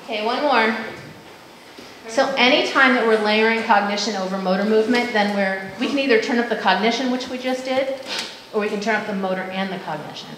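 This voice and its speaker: A woman gives a parent workshop in a large school hall with a strong echo and clear background noise. She explains ideas between stretches of upbeat call-and-response drills, and her voice sits at a middle pitch. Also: brisk. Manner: lively, leads call-and-response drills with counting and chanting. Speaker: workshop presenter. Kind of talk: parent education talk with group exercises.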